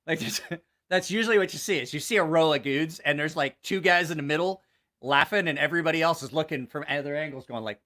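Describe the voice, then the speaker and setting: Bright-voiced man telling crude jokes. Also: on the high side, fast. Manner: laughs at his own jokes, swears freely; animated joke telling. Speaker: channel host. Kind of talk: casual livestream storytelling.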